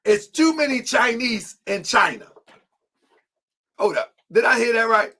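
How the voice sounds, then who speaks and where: A man's voice: very high voice, lively intonation, a little slow, pushed and bright. A man hosting an online show, reading aloud and reacting in casual slang with frequent laughter.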